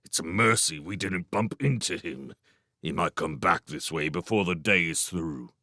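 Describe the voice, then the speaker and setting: A man doing a gruff older shrew leader. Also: sits low, moderate pace, sharp tone, dry recording, studio quality. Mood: angry, scolding. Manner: gruff, scolding.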